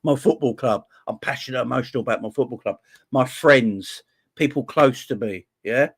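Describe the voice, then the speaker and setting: A man's voice: medium pitch, normal speed, husky. A man who has a wife and kids, hosting a live fan chat stream about football, passionate and emotional, and often repeating himself. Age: adult, married with kids. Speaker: fan channel host.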